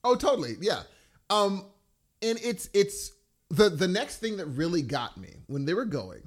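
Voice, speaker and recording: A fairly high-voiced man talks about a movie in a loose, rambling way, his pitch leaping up and down as he gets excited. It is casual chat between friends, full of restarts and asides. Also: measured pace. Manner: animated, rambling and enthusiastic, with big pitch jumps.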